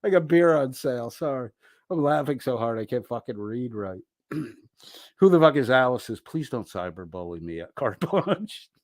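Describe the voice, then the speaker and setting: A medium-pitched male streamer with lively intonation and a measured pace, recorded close to the mic with a dry sound and no room echo. He casually reads viewer comments aloud from chat, being crude and laughing as he goes.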